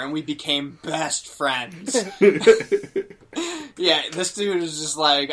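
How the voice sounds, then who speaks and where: Young male podcast host, bright tone, slightly high, casual anecdote style. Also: a little slow, vocal fry. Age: young adult. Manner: animated, acts out quotes, many fillers. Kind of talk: casual storytelling chat.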